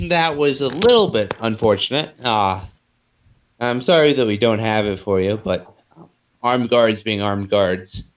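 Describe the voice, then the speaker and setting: A man's voice: mid-range voice, slow pace, low-quality recording. A man playing a tabletop game, chatting in a laid-back, hesitant way. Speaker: player. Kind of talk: casual tabletop game chat.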